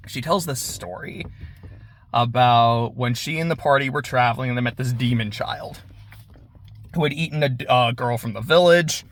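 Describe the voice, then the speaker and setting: Casual man recapping an anime. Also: medium pitch. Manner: laid-back, swears, acts out characters in quick voices. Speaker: anime reviewer. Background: lawnmower.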